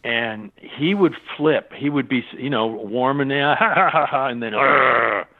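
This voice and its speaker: A man's voice: medium pitch, measured pace. Older man, storytelling guest, acts out quotes, laughs a lot, tinny phone-like audio. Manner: animated anecdotes, acts out quoted voices, laughs often. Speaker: interview guest. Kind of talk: casual storytelling interview. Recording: tinny phone-line sound.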